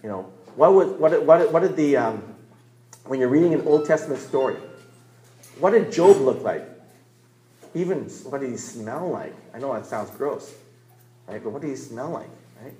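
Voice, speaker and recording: A man's voice: mid-range voice, expressive, normal speed, pauses often, dark tone. A man teaching as a pastor in a church room, earnest and emphatic, stressing and repeating key words. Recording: echoey room.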